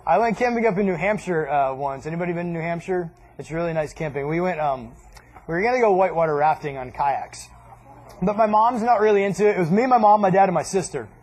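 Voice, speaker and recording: Husky, high-voiced man telling a story. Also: quick pace. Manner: animated, acts out voices and laughs. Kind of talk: casual storytelling to a group.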